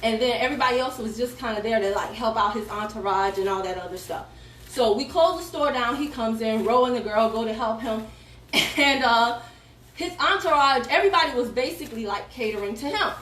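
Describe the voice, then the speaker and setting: A breathless woman with a high voice tells a story briskly on a live social-media stream while exercising. She's a fitness coach recruiting for her team, and she's animated and chatty, calls viewers "y'all," and laughs a lot. The distant mic picks up a roomy echo and faint noise.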